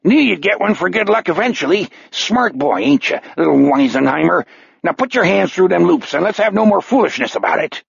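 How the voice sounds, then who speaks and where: A man's voice: sits high, animated, fairly quick, gravelly, husky, dry recording, muffled recording, pitched above the performer's own voice, full character voice. A man voicing a menacing old male killer with a growling, breathless, taunting voice. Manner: taunting, wheedling, clipped threats.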